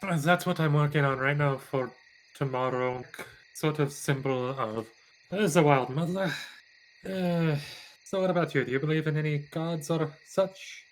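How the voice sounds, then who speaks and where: A gentle, devout woodcarver who muses aloud, as a man plays him in a tabletop game. The voice sits a little high for a man, and the speech pauses often on soft uhs. A faint hiss runs under it. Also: lightly acted, poor audio. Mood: musing. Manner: thoughtful, hesitant with many uhs. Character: calm gentle man, whittling, devout nature worshipper. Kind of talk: in-character tabletop role-play.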